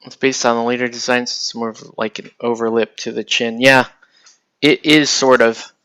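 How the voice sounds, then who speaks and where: A man chats his way through a painting tutorial, thinking out loud and often leaving sentences unfinished. His voice sits at a middle pitch. The sound is dry and close, with no room echo. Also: normal speed, clear, resonant tone. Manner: relaxed, thinking aloud while painting, trailing off mid-sentence. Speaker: miniature painting host. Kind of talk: casual painting tutorial talk.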